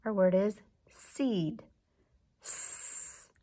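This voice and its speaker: A woman teaching an early reading lesson to young children, slow and patient, sounding out letters and words. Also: mid-range voice, animated, creaky.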